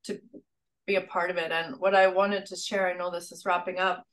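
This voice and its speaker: A woman's voice: on the low side, flat delivery, a little fast, fairly bright tone, rough recording. A woman speaking as a coach in a casual interview, with an earnest, inspirational manner and repeated words. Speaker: rewilding coach interviewed as guest.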